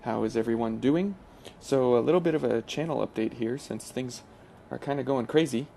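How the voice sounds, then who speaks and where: A man hosting a gaming channel, talking through gameplay in a casual, hesitant way with many pauses and restarts. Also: medium pitch, gravelly, warm tone, slight background noise. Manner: hesitant, full of uh fillers and restarts.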